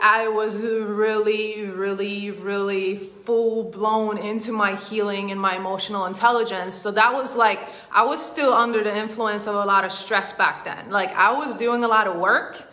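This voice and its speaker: Bright-voiced woman coach telling a story. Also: medium pitch, roomy sound. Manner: conversational, rambling with restarts. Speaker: emotional intelligence coach. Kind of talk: personal story told in a masterclass.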